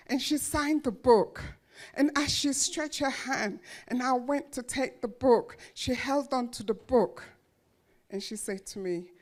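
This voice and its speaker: A woman giving a motivational speech to an audience, telling her life story with emphatic, dramatic pauses and repeated phrases. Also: sits high, animated, darkish tone. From grew up in a children's home. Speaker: motivational speaker.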